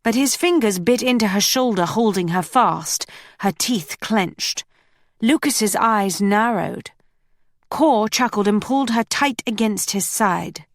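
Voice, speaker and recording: A woman's voice: medium pitch, dry recording. Woman narrating an audiobook, dry and close. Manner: measured, steady storytelling. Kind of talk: scripted narration.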